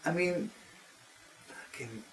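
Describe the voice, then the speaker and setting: A man's voice: fairly high pitch, takes it slowly, roomy sound, recorded from a distance, poor audio. An American man telling a rambling comic travel story, often breaking off and restarting with exasperation. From United States.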